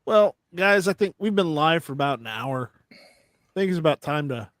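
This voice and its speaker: A man's voice: a little high, lively intonation, moderate pace, dry recording, studio quality. A man hosting a casual live stream, joking with his co-hosts and wrapping up the show. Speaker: host.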